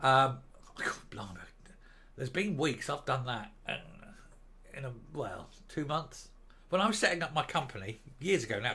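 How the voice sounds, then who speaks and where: A man's voice: medium pitch, bright, forceful tone. An older man reads out news items and mocks them in a sarcastic, scornful rant as the host of a political commentary show. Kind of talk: reading news and ranting.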